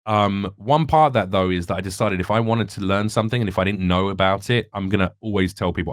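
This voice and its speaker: English guy on a podcast, kinda low voice, rambly and reflective, dry close sound. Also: fast talker, hardly any pauses, no room sound. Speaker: comedian guest. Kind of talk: candid podcast conversation.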